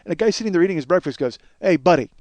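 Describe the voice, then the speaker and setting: A man in his forties hosting a podcast and telling a comic story, profane and self-mocking, and he gets loud and worked up. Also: sits high, lively intonation, racing, no echo. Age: 40s. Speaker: podcast host.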